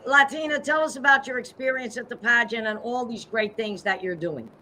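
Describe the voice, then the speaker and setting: A woman's voice: fairly high pitch, sharp tone, a little hiss or hum. A woman hosting a live-streamed show over a video call, upbeat and promotional. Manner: upbeat, promotional, spells out web addresses slowly. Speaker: host and pageant CEO.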